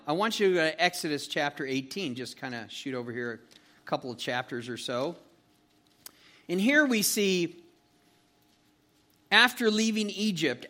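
A man preaching a casual, animated sermon, reading scripture and retelling the story with frequent restarts. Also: sits high. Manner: conversational, animated, with repeated restarts. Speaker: pastor. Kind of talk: expository Bible sermon.

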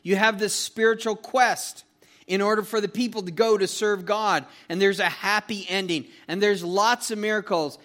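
A man preaching a casual, animated sermon, reading scripture and retelling the story with frequent restarts. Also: sits high, moderate pace. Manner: conversational, animated, with repeated restarts. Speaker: pastor. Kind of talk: expository Bible sermon.

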